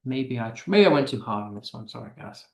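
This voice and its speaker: A man's voice: mid-range voice, animated, fast, gravelly. British male teacher, encouraging, stresses verse, echoey room. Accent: British English. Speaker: English teacher. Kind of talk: live online lesson.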